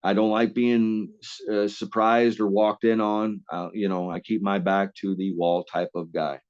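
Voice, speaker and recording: A man's voice: fairly low pitch, flat delivery, measured pace, darkish tone, smooth, dull audio. Rambling, salty-mouthed man telling stories. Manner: rambling, lots of restarts and salty language. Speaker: interview guest. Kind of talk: casual storytelling.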